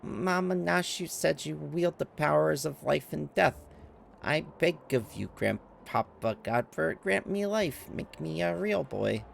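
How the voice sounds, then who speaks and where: A man's voice: a little high, unhurried, gravelly, a little hiss or hum, voice pushed up. A man voicing a small, earnest male creature who longs to be a real boy, in a pleading, wide-eyed way.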